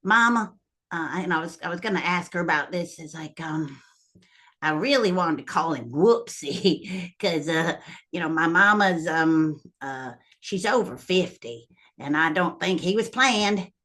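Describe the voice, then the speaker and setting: A woman's voice: low voice, measured pace, a bit bright. A woman telling a family story to her viewers in a casual, rambling way, full of ums and little laughs. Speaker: vlogger.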